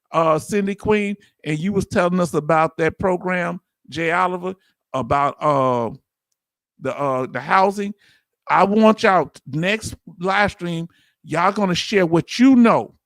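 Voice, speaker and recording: A man hosting a livestream, talking casually and warmly straight to his viewers, often repeating himself for emphasis. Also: high voice, measured pace, no room sound. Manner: animated, talks straight to viewers, repeats "let me tell you something". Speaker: livestream host.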